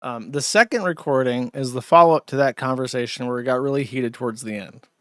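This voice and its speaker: A man's voice: mid-range voice, brisk, no echo, studio quality. A man hosting a stream, giving crude, sardonic commentary on clips he plays. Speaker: streamer host. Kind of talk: casual commentary.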